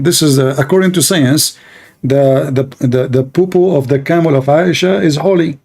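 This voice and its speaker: A man's voice: a little high, vocal fry, darkish tone. A middle-aged man hosting an apologetics show, delivering scornful, sarcastic commentary full of rhetorical questions. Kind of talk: mocking religious commentary.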